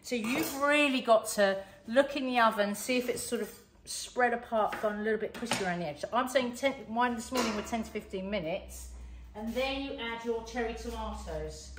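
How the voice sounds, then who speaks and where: A woman's voice: on the high side, normal speed, echoey room. A middle-aged woman talks a recipe through in her home kitchen, chatty and explanatory. Her voice sits mid-range, with a faint hiss underneath. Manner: chatty, explains as she cooks. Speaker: cooking show co-host. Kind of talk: casual cooking demonstration.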